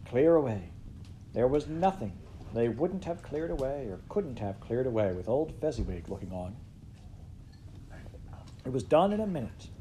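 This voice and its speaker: A man reading a classic story aloud in an expressive way, with big swings in loudness and pitch. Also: normal speed, long pauses, a little hiss or hum. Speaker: storybook reader.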